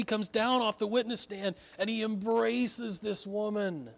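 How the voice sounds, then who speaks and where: A man's voice: sits high, steady tone, a little slow, vocal fry. A man preaching a sermon, telling a story earnestly and building to emphatic points. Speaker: pastor.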